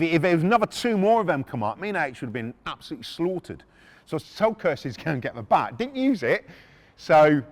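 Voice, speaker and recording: A man's voice: medium pitch, long reverb tail. A middle-aged man hosting a podcast, telling a true story in a blunt, casual way, swearing freely and often restarting his sentences. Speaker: podcast host.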